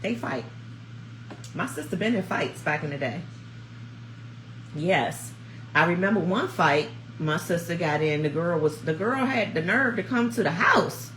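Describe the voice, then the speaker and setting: A woman in her fifties talks straight to her viewers from home, telling stories in a chatty, animated way. Her voice sits low but swings widely in pitch. The room adds a noticeable echo with a faint hum behind her. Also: a little slow, long pauses. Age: 50s. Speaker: vlog host. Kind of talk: casual chat to viewers. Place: at home, snowed in. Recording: roomy echo.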